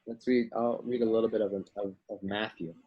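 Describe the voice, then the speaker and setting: Male Bible teacher for children, husky, acts out characters. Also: fairly low pitch, fairly even intonation, moderate pace, narrow, tinny audio. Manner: acts out story voices, asks kids questions.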